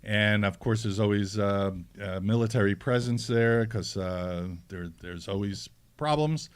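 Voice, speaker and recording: A man's voice: lowish voice, measured pace, clean tone. A man hosting a local radio talk show, telling an anecdote in a chatty way with lots of fillers.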